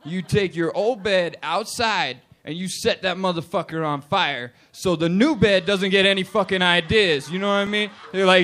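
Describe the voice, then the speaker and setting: A man's voice: high-pitched, normal speed, few pauses. A man in his late twenties doing a profane, punchy stand-up comedy set in a bar. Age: 20s. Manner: profane, loud, punchy delivery with put-on voices. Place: bar stage with live audience.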